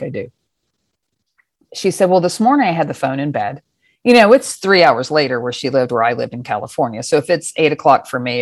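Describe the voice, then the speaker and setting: Middle-aged woman, low voice, dry close mic, animated storyteller who swears casually. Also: no echo. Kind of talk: personal storytelling.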